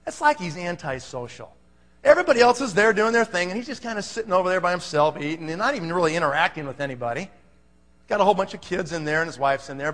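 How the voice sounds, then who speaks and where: A man telling a story to an audience, animated and acting out the scene. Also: sits high. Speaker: speaker telling a sales story. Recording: long hall reverb.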